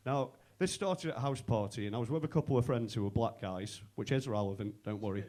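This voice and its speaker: A man's voice: mid-range voice, fast talker, darkish tone. A young man from Manchester, doing a stand-up set at a comedy club, telling brash stories full of swearing and acting out what his friends said. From Manchester, England. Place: comedy club stage with a live audience.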